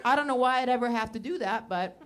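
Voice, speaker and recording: A woman's voice: fairly high pitch, fast. A woman from Maine doing stand-up, riffing loosely with the audience and swearing freely. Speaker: stand-up comedian. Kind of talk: stand-up crowd work. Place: comedy club stage before a live audience. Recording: live club recording with crowd laughter and noise.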